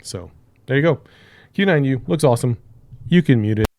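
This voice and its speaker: Gravelly-voiced man, loose and jokey, talking up close into a mic he is reviewing. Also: mid-range voice, animated, a little fast, darkish tone, no room sound. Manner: joking, rambling, tests mic aloud. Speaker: product reviewer. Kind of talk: casual unboxing chat. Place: home room with hardwood floors. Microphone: close broadcast microphone.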